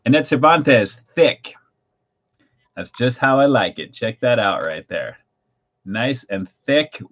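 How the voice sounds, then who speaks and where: Male food-review host on a livestream, excitable and gushing, slightly muffled desk-mic recording. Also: mid-range voice, takes it slowly.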